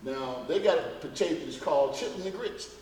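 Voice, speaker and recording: A man's voice: fairly high pitch, normal speed, a little mellow, slight background noise. A man giving a health lecture to a church audience, folksy and emphatic, firing off rhetorical questions at the crowd. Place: church hall. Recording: echoey hall recorded from far off.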